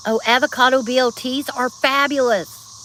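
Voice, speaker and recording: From outdoors, a high-pitched Georgia woman with a Southern accent chats freely with her live-stream viewers, laughing often and singing bits of songs. Her delivery is fairly even in intonation, at normal speed and a bit bright. Faint insect sounds hum behind her phone mic.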